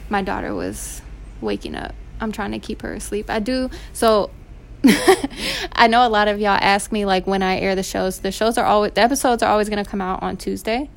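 A young woman, hosting her podcast and telling stories in a casual, animated way. She laughs often and swears freely. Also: medium pitch, brisk, creaky. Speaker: podcast host. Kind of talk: casual storytelling. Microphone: home recording setup.

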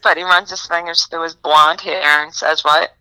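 A podcast guest tells a made-up scene with playful glee, speaking her own lines in character between giggles. Her voice is very bright, with a sharp edge. It sounds dry and close, with no room around it. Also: sits low, fairly even intonation, moderate pace, clear, resonant tone, dry recording, rough recording. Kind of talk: playful role-play storytelling.

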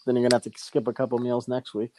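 A man's voice: mid-range voice, little pitch movement, very fast, a little mellow. A man hosting a casual chat, teasing his guest and asking blunt questions.

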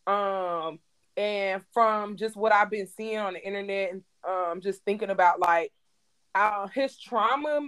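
A woman co-hosting a casual podcast chat, thoughtful and animated, often laughing. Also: medium pitch, measured pace, smooth. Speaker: podcast co-host.

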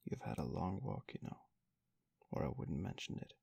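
A man's voice: low-pitched, expressive, normal speed, creaky, darkish tone, husky, no echo, studio quality, exaggerated voice. A man voicing a sly, fawning woman who keeps a workhouse nursery in a storybook reading, coaxing with false humility. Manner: wheedling, falsely humble.

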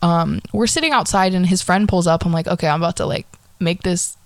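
A young woman co-hosting a podcast, telling a dating story in casual chat, animated and laughing, swearing freely. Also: on the low side, fairly quick, no room sound. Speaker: podcast co-host.

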